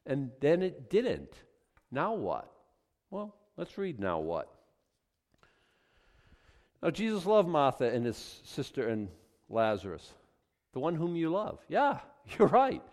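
A man's voice: on the high side, slow, pauses often. A middle-aged man preaching a sermon as pastor, acting out little voices and asides. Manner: animated, acts out voices of God and people.

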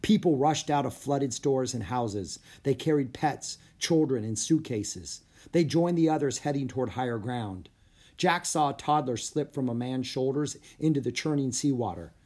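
A storybook narrator reading a children's chapter book aloud. The pitch sits in the middle and the delivery stays steady and even. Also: normal speed, husky. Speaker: audiobook narrator.

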